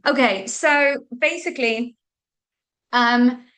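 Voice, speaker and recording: A woman's voice: fairly high pitch, slow, a bit bright. Chatty Welsh woman coaching online. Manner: chatty and informal, with frequent "like" and "okay"; mild swearing when flustered. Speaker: business coach. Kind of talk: live online training session.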